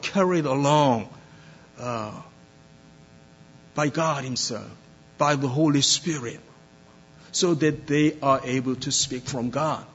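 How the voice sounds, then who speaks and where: A man preaching a sermon as pastor, speaking deliberately with many pauses and fillers. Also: on the high side, highs cut off.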